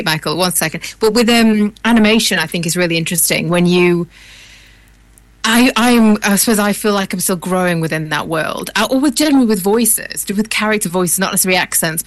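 A woman's voice: medium pitch, brisk, fairly bright tone, dry recording. Chatty woman, dry close sound. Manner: chatty and self-deprecating, laughs often. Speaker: voice actor. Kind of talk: casual chat.

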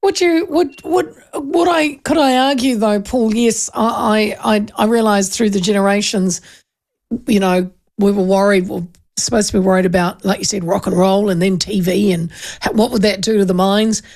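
A woman hosting a talkback radio show, chatty and emphatic, quick to agree with callers. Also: medium pitch, fairly even intonation, darkish tone. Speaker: talk radio host. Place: radio studio.

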